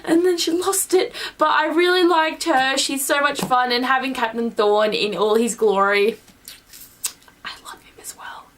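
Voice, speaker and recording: A woman's voice: high-pitched, fairly even intonation, normal speed, few pauses, a bit bright, distant mic, slight background noise. A young woman vlogging her monthly reading wrap-up in a rambling, gushing way, full of "like". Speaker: book vlogger. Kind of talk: casual monthly book wrap-up.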